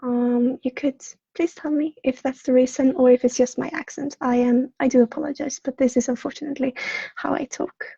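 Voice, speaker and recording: A woman with a Swedish accent, a psychic counselor chatting on a livestream in a soft, apologetic, halting way with many fillers. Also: high voice, steady tone, creaky, slightly rough, dry recording. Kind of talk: casual livestream chat. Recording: dull lo-fi livestream audio.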